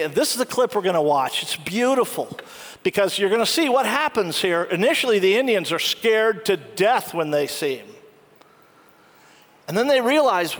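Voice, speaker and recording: A high-pitched man delivers a sermon, walking his congregation through a film scene and voicing its characters as he goes. His voice rings out with long reverb, as if from a big church hall. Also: a bit bright. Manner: storytelling, acts out quoted lines. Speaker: pastor.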